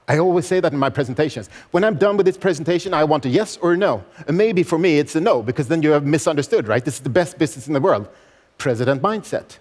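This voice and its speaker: A man's voice: fairly high pitch, a little mellow. A man in his forties giving a motivational stage speech, emphatic and repeating key phrases with rhetorical questions. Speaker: motivational speaker. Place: large event hall. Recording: long hall reverb.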